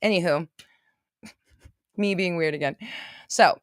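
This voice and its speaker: A woman's voice: on the low side, clean tone, no room sound, clean studio sound. A woman from California, a mindset coach hosting a casual livestream. She chats and rambles as she reads viewer comments, often laughing and gasping. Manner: chatty, rambling, quick to laugh and gasp.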